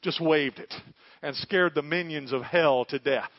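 A preacher delivers a folksy, impassioned sermon a little slowly, his slightly high voice climbing to loud peaks. The recording is dry and close, with a somewhat dull, muffled tone.

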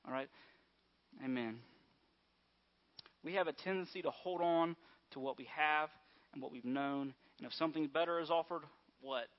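A man's voice: fairly high pitch, normal speed, long pauses. Male pastor, conversational sermon delivery with constant call-and-response checks, muffled lo-fi sound. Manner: conversational, repeatedly asks "all right?" and "amen?". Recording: dull lo-fi sound.

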